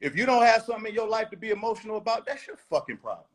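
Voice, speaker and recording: A man's voice: sits high, sing-song, very fast. A man talking as a rapper guest in a casual interview, blunt, emphatic and profane.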